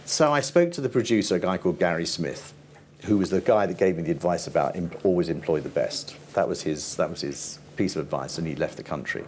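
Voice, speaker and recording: Older male TV producer, very deep voice, chatty anecdotal storyteller, faint background noise. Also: brisk, darkish tone. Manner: rambling, laughs often, quotes people in voices. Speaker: TV format producer, interview guest.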